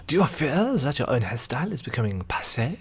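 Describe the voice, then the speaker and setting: A man's voice: medium pitch, big pitch swings, fairly quick, faint music behind, voice pushed up, natural voice. Jean Delaine, a man doing a pompous French hairdresser. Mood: grandiose. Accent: mock French. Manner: grandiose, pompous declaiming. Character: flamboyant vain male hairdresser.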